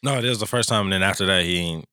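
A woman's voice: rumbling low, rapid-fire, no echo. A woman co-hosting a podcast, dropping dry, wry remarks in casual chat. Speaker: podcast co-host. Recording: loud background noise.

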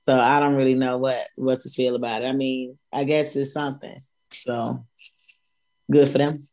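A man co-hosting a podcast, speaking hesitantly and in a measured way. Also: mid-range voice, flat delivery, a little mellow, a little hiss or hum. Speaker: podcast co-host. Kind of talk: casual podcast discussion.

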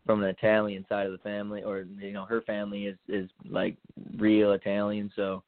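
A young man, a college football player, answering in a relaxed, laid-back way full of fillers. His voice sits a little low. It comes through a dry, tinny phone line. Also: a little fast, no room sound. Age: young adult. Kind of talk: casual interview answers.

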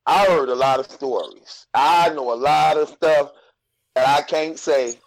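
Man, podcast co-host, fairly high voice, insistent, repeats himself, casual chat. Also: measured pace, creaky, poor audio. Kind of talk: casual chat about battle rap.

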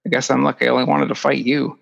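A man's voice: mid-range voice, flat delivery, fast, vocal fry, fairly bright tone. A man reading the lines of a nervous young man who jokes about himself. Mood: uneasy. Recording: echoey, dull lo-fi recording.

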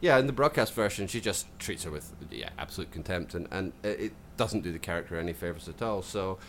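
Scottish man, podcast co-host, swooping lively pitch, faint hiss behind. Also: fairly quick. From Scotland. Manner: animated, self-deprecating, laughs often, many restarts. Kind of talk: casual podcast chat.

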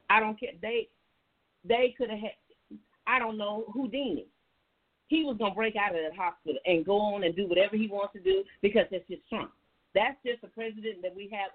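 A woman holds forth as a call-in radio host, folksy and chatty, calling her listeners y'all. Her voice is breathy and a little husky. It comes through a thin, tinny line that sounds like a phone call. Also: mid-range voice. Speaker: radio talk show host. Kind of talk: casual call-in radio commentary.

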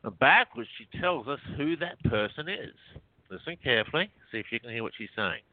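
A man calls in as a guest and talks in a loose, chatty way, full of ums and quick laughs. His voice comes down a tinny phone line with no room sound at all. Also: mid-range voice, sing-song, no room sound. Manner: chatty, laughs often, rambling with fillers. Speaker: guest, researcher. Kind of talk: casual phone-in interview.

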